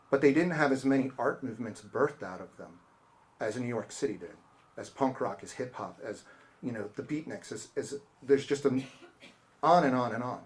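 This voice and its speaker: A man's voice: medium pitch, a little mellow. A middle-aged man, an author, telling stories to an audience at a bookstore and acting out the people he quotes. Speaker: author giving a bookstore talk. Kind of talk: casual talk with audience Q&A. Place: bookstore event space.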